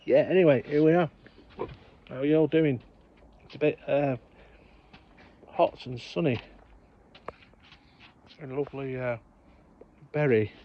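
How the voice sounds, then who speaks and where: A man's voice: medium pitch, unhurried, pauses often. A man casually telling funny childhood stories outdoors, laughing at his own tales. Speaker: vlog co-host. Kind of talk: casual storytelling vlog. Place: outdoors on a hot sunny day. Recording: slightly dull lo-fi sound with faint background ambience.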